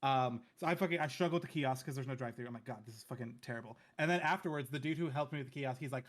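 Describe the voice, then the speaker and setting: A man's voice: mid-range voice, rapid-fire, few pauses. A young man co-hosting a podcast, telling a rambling, self-mocking story full of swearing. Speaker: podcast co-host. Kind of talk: casual storytelling chat.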